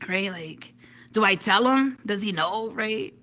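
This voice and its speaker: Bright-voiced woman doing stand-up. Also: medium pitch, unhurried, slight background noise. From Detroit, United States. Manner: chatty, tags lines with "right?", laughs at own jokes. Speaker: stand-up comedian. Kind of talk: stand-up comedy routine. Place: virtual reality social venue. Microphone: VR headset mic.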